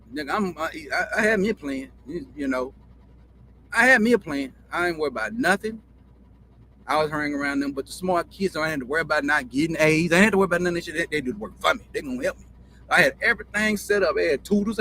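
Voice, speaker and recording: A show host with a Southern country drawl tells stories in a rambling, profane monologue, repeating himself as he goes. His voice is fairly high and sharp, his pace quick, and a slight hiss or hum runs under it.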